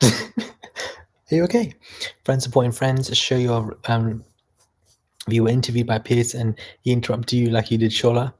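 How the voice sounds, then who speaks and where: A man's voice: medium pitch, flat delivery, normal speed. A young man from Canada hosting a casual livestream, reading chat messages aloud and mocking people in a chatty way.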